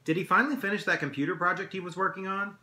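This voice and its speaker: A man's voice: high voice, racing, pushed and bright, voice pushed up. A man reading a story aloud and voicing a caring, talkative middle-aged mother in a slightly raised voice. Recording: echoey room.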